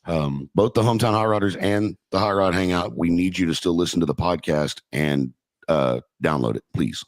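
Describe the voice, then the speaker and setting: A man's voice: low voice, normal speed, dry recording. A man hosting a casual podcast, joking loosely and swearing freely. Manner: loose, profane banter. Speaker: podcast host.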